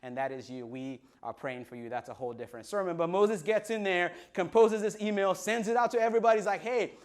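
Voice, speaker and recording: High-voiced playful man preaching. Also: fast talker, darkish tone. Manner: playful, retells scripture in modern slang with voiced quotes. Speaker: pastor. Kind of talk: sermon to an online congregation.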